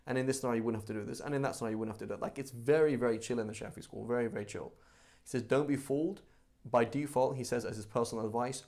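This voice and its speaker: A man's voice: medium pitch, a little mellow. A man teaching a live class on religious law in a casual, chatty way, full of asides and rhetorical questions.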